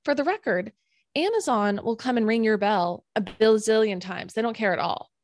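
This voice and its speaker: A woman telling a personal story in casual chat, animated and full of "like" fillers. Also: a little high, normal speed. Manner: animated, filler-heavy retelling with many "like"s.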